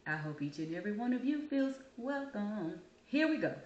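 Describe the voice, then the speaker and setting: A woman's voice: mid-range voice, very animated, normal speed, a little mellow, highs cut off. A woman hosting her own vlog, giving her opinions in an emphatic, blunt and casual monologue. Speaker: vlogger host. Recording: echoey room with faint noise.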